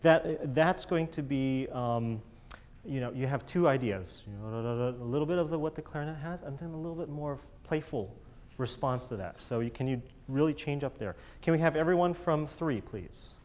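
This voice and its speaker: A man's voice: mid-range voice, moderate pace, darkish tone. A man coaching a chamber group in a master class, encouraging and jokey, singing musical phrases to show the players how they should sound.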